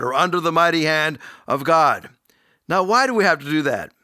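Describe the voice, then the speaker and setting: A man preaching a sermon, earnestly teaching and quoting scripture, slowing down to stress key words. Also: on the high side, sharp tone, clear, resonant tone, no room sound, clean studio sound. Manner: earnest, teaching, quotes scripture, slows for emphasis.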